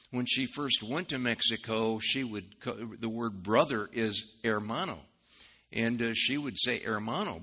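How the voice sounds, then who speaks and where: A man's voice: mid-range voice, bright, forceful tone. A man with a Midwestern American accent teaching a Bible sermon in an explanatory, conversational way with folksy asides.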